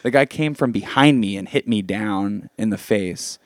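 A man's voice: on the low side, moderate pace, no room sound. A man telling a story casually among friends, laughing often and swearing freely.

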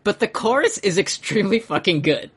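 Lively podcast co-host chatting. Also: mid-range voice, brisk, breathy edge. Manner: animated, laughs a lot, swears casually. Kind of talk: casual chat.

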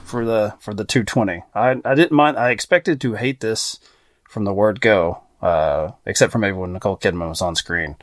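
A man's voice: fairly low pitch, moderate pace, no echo, clean studio sound. A man hosting a casual movie podcast, joking and rambling with frequent laughs. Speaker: podcast host.

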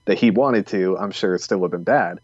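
A man's voice: deep voice, brisk, dry recording. A man co-hosting a casual podcast who rambles with many fillers and slips in sarcasm. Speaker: podcast co-host. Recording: dull lo-fi dry mic.

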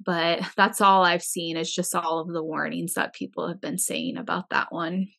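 A woman's voice: on the low side, flat delivery, moderate pace, vocal fry, sharp tone. A young woman co-hosting a casual chat, chatty and often acting out what others said. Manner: chatty, acts out quotes from others.

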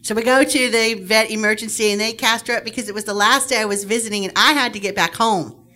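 Bright woman telling a story with fillers. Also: fairly high pitch, fast talker. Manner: many fillers, lively telling. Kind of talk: telling a personal story to an audience.

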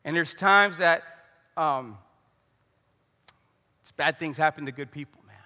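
A man's voice: fairly high pitch, slow, sharp tone, big-room sound. A man preaching a conversational sermon, telling stories and praying aloud. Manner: conversational preaching with storytelling and prayer. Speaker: pastor.

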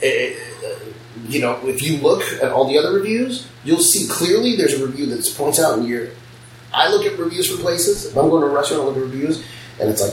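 Brief: quick-talking, foul-mouthed shop owner chatting, miked from a distance in a roomy space. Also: male voice, mid-range voice, a little hiss or hum. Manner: blunt, profane storytelling. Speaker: piercing studio owner. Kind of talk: casual podcast chat. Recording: roomy, distant mic, faint ambience.

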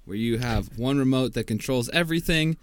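A young man co-hosting a podcast, excitable and slangy, calling his friends "bro". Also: mid-range voice, brisk, smooth, no echo. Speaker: podcast co-host. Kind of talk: casual chat.

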